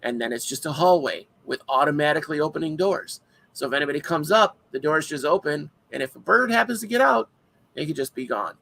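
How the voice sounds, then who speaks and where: A man chatting casually as a podcast co-host, telling stories with animation and acting out his own shouts. His voice is gravelly with a bright, sharp edge. It sits a little on the high side. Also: lively intonation, fairly quick, rough recording. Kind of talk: casual chat.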